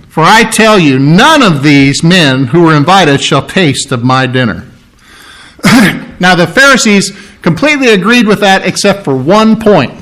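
A man preaching a sermon, emphatic and animated, acting out quoted lines and often clearing his throat. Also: sits high, unhurried. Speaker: pastor.

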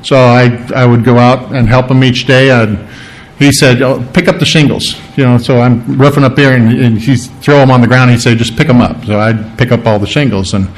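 A man preaching a sermon and teaching through a Bible passage in a conversational way. He asks rhetorical questions, adds asides and clears his throat often. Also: medium pitch, fairly even intonation, moderate pace, low-quality recording. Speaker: pastor.

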